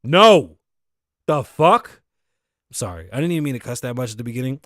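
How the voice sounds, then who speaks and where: A middle-aged man hosting a podcast, ranting in casual, profane, animated commentary and wheezing a little. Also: medium pitch, very fast, dry recording, clean studio sound. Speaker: podcast host.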